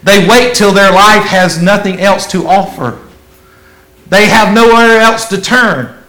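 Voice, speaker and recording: A man preaching a sermon as a pastor, in a folksy, conversational way that swings between loud emphasis and hushed asides. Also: sits high, measured pace, low-quality recording.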